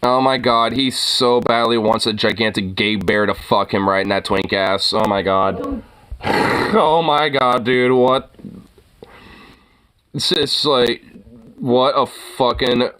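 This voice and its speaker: A young man giving casual, profane reaction commentary on a video, incredulous and quick to laugh. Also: mid-range voice, a bit bright, a little hiss or hum. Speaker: reaction streamer.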